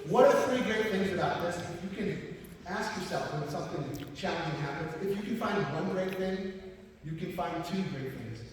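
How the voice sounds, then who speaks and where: A man with a fairly high voice tells stories on stage and laughs often as he speaks. His voice carries a long reverb, as if recorded from far off in a large hall. A faint hiss sits underneath. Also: normal speed. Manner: storytelling, animated, laughs often. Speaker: motivational speaker. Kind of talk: live motivational talk.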